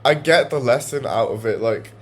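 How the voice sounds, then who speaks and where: A young man vlogging from home, talking in a halting, emotional way and swearing often. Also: medium pitch, expressive, a bit bright, slight background noise. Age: young adult. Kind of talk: confessional personal vlog.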